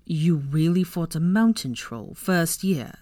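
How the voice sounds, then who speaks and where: A woman voicing a proud young man who speaks low and softly. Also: lively intonation, slow pace, no echo, clean studio sound. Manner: low and soft.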